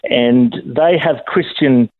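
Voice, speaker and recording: A man's voice: medium pitch, takes it slowly. A middle-aged man calling in to a radio show, chatty and enthusiastic, joking around with the hosts. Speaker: caller, radio presenter. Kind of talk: casual chat on a phone call. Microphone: phone. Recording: tinny phone line.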